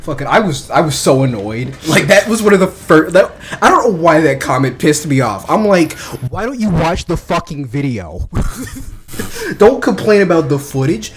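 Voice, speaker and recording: A man's voice: a little high, normal speed. A man co-hosting a casual gaming chat, rambling and swearing freely. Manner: rambling, animated, swears a lot. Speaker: gaming co-host.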